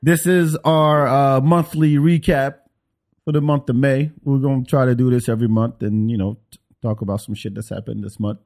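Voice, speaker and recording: A man hosting a casual podcast chat, speaking with an African French accent, relaxed and quick to laugh. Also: medium pitch. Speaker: podcast host.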